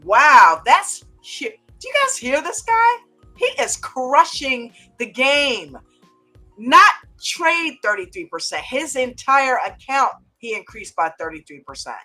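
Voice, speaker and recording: An American woman hosts a casual live stream with a bright, lively, swooping voice. She teases and jokes with her viewers and laughs easily. Faint music plays behind her. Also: high-pitched, slow. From United States. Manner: playful, teasing, laughs often, greets viewers by name. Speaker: host of a trading chat stream.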